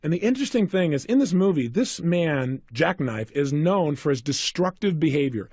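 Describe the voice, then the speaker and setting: A man delivers a motivational seminar talk in a high voice that leaps and swoops with expression. He spins stories and keeps turning to his listeners with questions. The sound is dry and close. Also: normal speed, slightly rough, dry recording. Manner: animated storytelling with questions to the audience. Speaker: motivational speaker.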